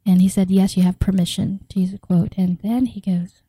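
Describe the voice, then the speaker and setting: A middle-aged woman from the Philippines tells her story with energy, slipping into the voices of the people she quotes. Her tone is warm and mellow, and she is recorded close to the mic with a dry, dead sound. She laughs easily as she talks. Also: mid-range voice, a little fast, slightly rough, no room sound, poor audio. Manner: animated, acts out quoted dialogue, laughs often. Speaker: guest telling her story. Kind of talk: personal storytelling.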